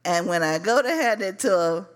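A woman from Chicago telling a personal story live, animated and profane, calling her listeners y'all. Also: mid-range voice, normal speed.

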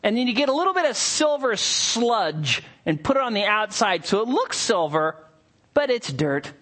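A male pastor preaching a sermon. He swings between hushed asides and excited bursts, and acts out little scenes with playful voices. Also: high voice, normal speed.

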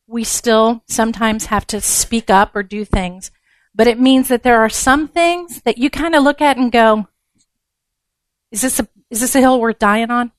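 A woman's voice: mid-range voice, no room sound. A woman giving a conversational sermon to a women's gathering, frank and down-to-earth with blunt humor.

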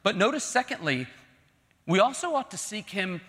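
Male pastor, high bright tenor, earnest emphatic sermon delivery, long church-hall reverb. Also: very animated, a little fast. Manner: earnest, emphatic preaching that swells into pleading.

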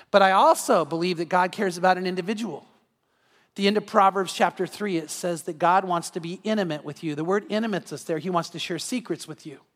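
Man, pastor, evening sermon, high-pitched, long hall reverb, church sanctuary. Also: fairly bright tone. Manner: conversational, acts out everyday scenes in quoted voices.

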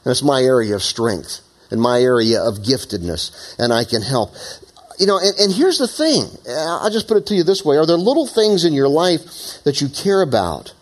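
A man preaching a sermon in an animated, conversational way, with frequent asides. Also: medium pitch, normal speed. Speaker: pastor. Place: church meeting in an opera house.

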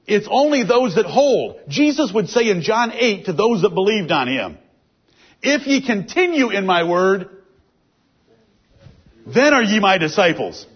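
Husky man preaching through bible verses, dull lo-fi sound, leans hard on key words. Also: high voice, big pitch swings, unhurried. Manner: emphatic, reads and explains scripture verses. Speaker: Bible teacher. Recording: dull lo-fi recording.

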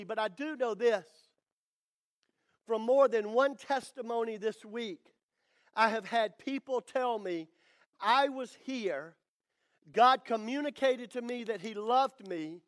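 A man preaching a sermon as pastor, building to emphatic declarations with dramatic pauses. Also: very high-pitched, clean tone.

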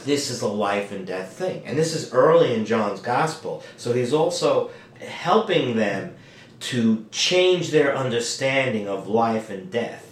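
A man's voice: medium pitch, animated, a little slow. A man leading a Bible study conversation, teaching with emphasis and many rhetorical questions. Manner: emphatic, acts out quoted lines, asks rhetorical questions. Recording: echoey room, distant mic.

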